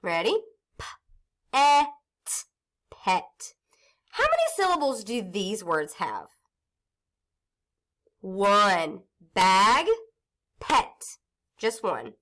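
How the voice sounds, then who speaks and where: Slow sing-song woman teacher. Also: medium pitch, wildly swooping pitch, fairly bright tone. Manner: slow, sing-song teacher talk, stretching out words and sounds. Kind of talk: phonics lesson for young children.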